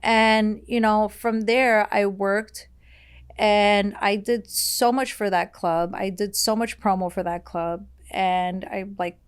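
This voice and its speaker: A woman's voice: mid-range voice, steady tone, slow pace, smooth. A woman from Brazil, a podcast guest telling her story in a candid, rambling way, full of "like"s and blunt swearing. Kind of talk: casual interview storytelling.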